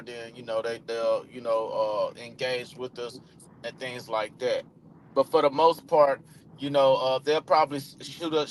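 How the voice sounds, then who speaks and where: A man's voice: mid-range voice, slight background noise. A man coaching cold calling in a casual live chat, talking loosely with many restarts and acting out both sides of phone calls. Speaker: real estate coach.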